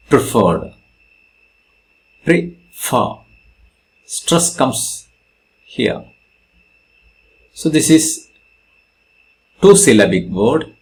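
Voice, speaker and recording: A male English teacher with an Indian English accent explains spelling rules in a grammar lesson. He talks slowly, with a pitch that rises and falls a lot, and he stresses syllables and repeats each example.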